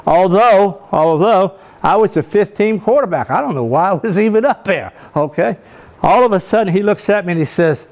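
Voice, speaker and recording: An older man gives a leadership talk, spinning folksy stories at his own expense. He keeps checking in with his listeners as he goes. His voice sits slightly higher than most men's. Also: expressive, a little fast, darkish tone. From Richmond, Virginia, US. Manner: folksy, self-mocking humor, keeps checking in with "okay?". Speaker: guest speaker, former football coach.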